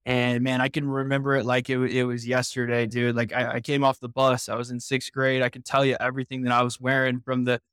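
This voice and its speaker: A man's voice: medium pitch, monotone, brisk, few pauses, fairly bright tone, clean tone, no room sound, clean studio sound. A man in his twenties from Indiana, a podcast guest earnestly recounting his personal story with frequent restarts.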